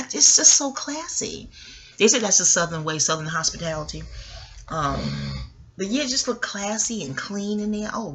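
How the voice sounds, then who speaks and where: A chatty woman rambles through a reality show review with a bright, forceful tone. She swears freely and keeps turning to the listener with "okay?" asides. Faint noise hums behind her voice. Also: medium pitch. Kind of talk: rambling casual commentary.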